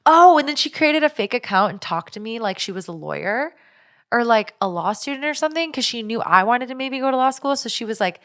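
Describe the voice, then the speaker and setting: A woman's voice: on the high side, lively intonation, brisk, fairly bright tone. A woman co-hosting a podcast, telling a personal story in casual, rambling chat full of 'like' and restarts. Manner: chatty, lots of 'like' and restarts, recounting a stalker story. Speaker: podcast co-host.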